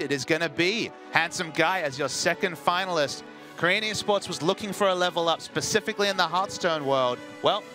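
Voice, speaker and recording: A man casting an esports match, with excitable, dramatic play-by-play commentary. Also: on the high side. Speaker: esports caster.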